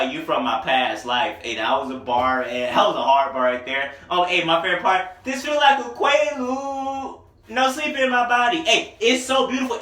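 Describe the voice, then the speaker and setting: A young man giving a casual, profane, excitable album review, laughing at his own jokes. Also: high voice, recorded from a distance, slight background noise. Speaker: music reviewer. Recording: echoey room, voice away from mic.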